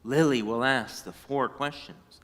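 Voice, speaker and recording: A man reading the lines of a kindly, gently commanding father in a children's story. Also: medium pitch, measured pace, in a large hall, voice pushed down, natural voice. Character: kindly father leading a family dinner.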